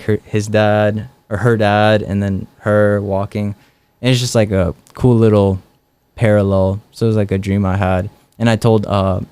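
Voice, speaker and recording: A young man with a smooth, clear voice that sits a little low, telling his own stories as a guest in a relaxed interview. He talks loosely, filling gaps with "like" and "um". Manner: relaxed, many fillers like "like" and "um". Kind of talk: casual storytelling interview.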